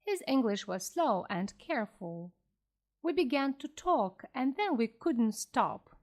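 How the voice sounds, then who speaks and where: A woman reading a classic story aloud slowly and clearly for English learners. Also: a little high. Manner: slow, clear, expressive reading. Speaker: audiobook reader for learners.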